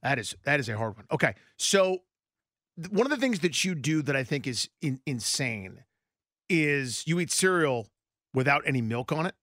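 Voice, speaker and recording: Male radio co-host, lively swooping delivery, dry studio mic, playful rambler. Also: fairly high pitch, normal speed, no room sound. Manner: animated, playful, rambling explanations. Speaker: radio sports show co-host. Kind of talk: casual radio chat. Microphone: studio microphone.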